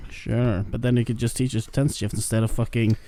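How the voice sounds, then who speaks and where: A man's voice: medium pitch, flat delivery, fairly quick, mellow, a little hiss or hum. A man co-hosting a podcast, chatting casually with hesitations and swearing. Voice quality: hesitant, argumentative, swears freely. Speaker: podcast co-host. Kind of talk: casual chat.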